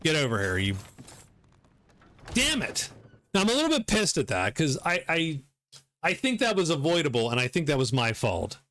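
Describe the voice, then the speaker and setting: A middle-aged man giving live commentary on his gameplay, excitable, swearing and laughing often. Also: fairly high pitch, moderate pace, pauses often, no echo. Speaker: game streamer.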